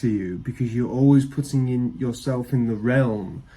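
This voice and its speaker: A man's voice: medium pitch, moderate pace, breathy edge. A young man co-hosting a podcast, joking and teasing his friend in casual banter. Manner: teasing banter with a lively swooping delivery. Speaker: podcast co-host.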